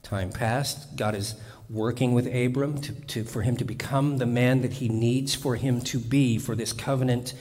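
A man's voice: medium pitch, steady tone, moderate pace, darkish tone. A man preaches in a loose, conversational way, with wry jokes and frequent restarts. His voice sits in a middle range for a man. It rings out with a long reverb in a large hall. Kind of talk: sermon.

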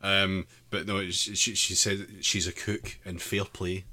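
A man's voice: low-pitched, flat delivery, a little slow, a crowd in the background. A British man co-hosting a casual comedy chat, blunt and sweary with dry jokes. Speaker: podcast co-host.

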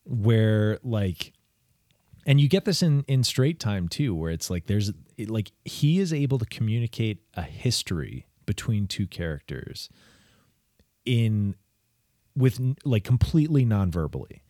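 A laid-back man with a lowish voice, rambling through a casual film podcast with plenty of swearing. The sound is dry and close, with no room around it. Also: sing-song, a little slow, dark tone, no echo. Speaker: podcast co-host.

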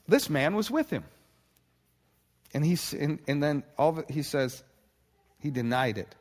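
Man, pastor, sermon, earnest, dramatic pauses, slightly high voice, long hall reverb. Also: animated.

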